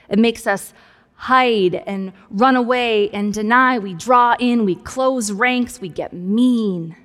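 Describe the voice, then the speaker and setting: A woman's voice: mid-range voice, fairly bright tone. A woman pastor preaching a sermon in a conversational, playful way with humorous asides. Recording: long hall reverb.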